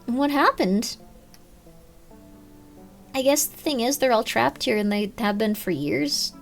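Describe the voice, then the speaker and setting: A woman's voice: fairly high pitch, unhurried, creaky, faint music behind. A woman streaming a horror game, chatting casually, reading chat and breaking into sudden yelps. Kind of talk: casual live game commentary.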